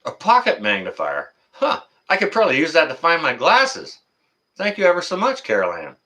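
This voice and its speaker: A man's voice: a little high, wildly swooping pitch, moderate pace, bright, forceful tone. A middle-aged man, hosting a casual live stream, reading the chat and answering viewers by name in a folksy, teasing way.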